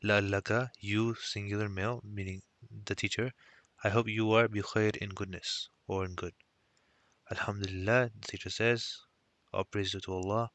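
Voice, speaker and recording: A man's voice: fairly low pitch, flat delivery, moderate pace, a bit bright, dry recording. A man teaching a recorded language lesson, explaining step by step and mixing Arabic phrases into his English.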